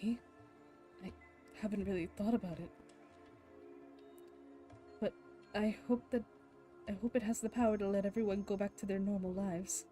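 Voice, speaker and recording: A woman plays through a story game and reads every line aloud herself, narration and characters alike. She often breaks off into loud, laughing reactions. Faint game music plays quietly behind her voice. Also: mid-range voice, steady tone, moderate pace, pauses often. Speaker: game streamer voicing the story. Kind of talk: reading game dialogue aloud with live reactions.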